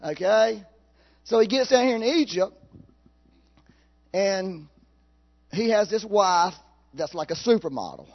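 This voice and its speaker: A man preaching a sermon in a folksy, animated way, laughing at his own jokes. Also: high-pitched, slow pace, gravelly, pauses often, dull audio.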